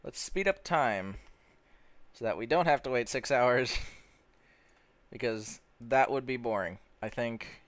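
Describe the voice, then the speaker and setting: A man's voice: medium pitch, takes it slowly, long pauses, a bit bright, no room sound. Rambling young man narrating gameplay. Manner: rambling, stumbles over words, easily amazed. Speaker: gameplay commentator. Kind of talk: casual gameplay commentary.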